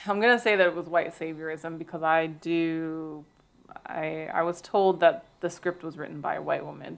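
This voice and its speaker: Brief: woman, lower voice with a gravelly edge, thoughtful conversational co-host. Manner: thoughtful, talks with many fillers and restarts. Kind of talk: casual discussion.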